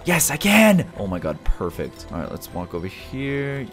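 A young man giving excited gameplay commentary as a YouTuber, hyper and shouty, often squealing and laughing. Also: medium pitch, moderate pace, faint music behind. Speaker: gaming YouTuber.

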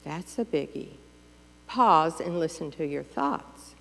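A woman's voice: sits low, expressive, slow, vocal fry, big-room sound. A woman pastor giving a sermon in a conversational, playful way, acting out the voices of everyday thoughts. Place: church sanctuary.

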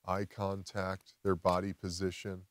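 A man, a podcast guest, telling a personal story outdoors in casual chat, animated and swearing freely. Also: sits low, measured pace, dry recording. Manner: animated, swears a lot, acts out quotes. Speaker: podcast guest, former football player.

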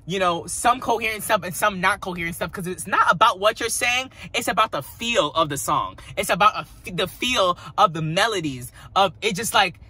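Excitable man with a bright, husky voice. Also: high voice, moderate pace, few pauses. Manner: excitable, dramatic, gushing fan with lots of slang. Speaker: music reaction vlogger. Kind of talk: casual music review.

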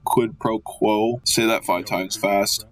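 Goofy, slow-talking young gamer man. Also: on the low side. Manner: goofy, excitable, jokey trash talk. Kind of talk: let's play commentary.

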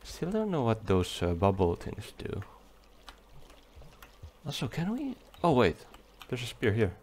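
A man giving relaxed, chatty commentary while playing a game, talking to the creatures on screen. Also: lowish voice, normal speed, slight background noise. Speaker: let's play gamer. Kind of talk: casual gameplay commentary. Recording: faint game music behind.

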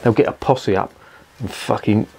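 Sweary ranting man, lowish voice. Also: moderate pace, gravelly, darkish tone, a little hiss or hum. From England. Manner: swears constantly, rambling and exasperated. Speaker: beer reviewer. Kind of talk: casual profane rant.

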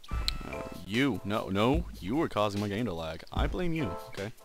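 A man doing let's play gaming commentary, excitable and swearing often, yelping when he fails. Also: lowish voice, moderate pace, music in the background. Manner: excitable, swears a lot, yelps at failures.

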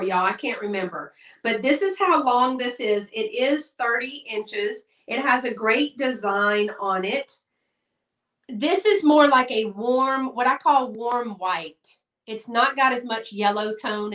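A woman's voice: fairly high pitch, a bit bright, recorded from a distance. A middle-aged woman, hosting a live sale in a chatty style and addressing viewers by name. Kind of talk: live-stream sales chat. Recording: echoey room, voice off-mic.

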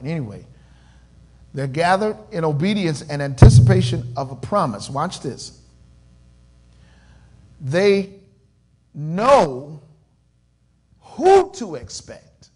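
A man preaching a sermon in call-and-response style, swinging between loud swells and quiet murmurs. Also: fairly high pitch, breathy edge. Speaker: pastor.

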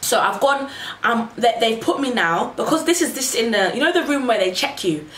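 A young woman telling a personal story to camera in a casual, animated way, acting out what people said. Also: on the high side, normal speed. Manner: animated, acts out quotes in raised voices. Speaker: vlogger. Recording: echoey room, faint noise.

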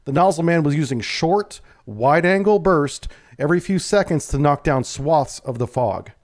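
Calm higher-voiced man telling a sea story. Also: normal speed. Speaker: submarine veteran storyteller. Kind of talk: first-person narration of a true story.

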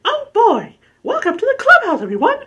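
A man voicing a cheerful squeaky cartoon mouse in a falsetto, bouncy and exaggerated. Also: huge pitch swings, moderate pace, pushed and bright, full character voice. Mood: gleeful.

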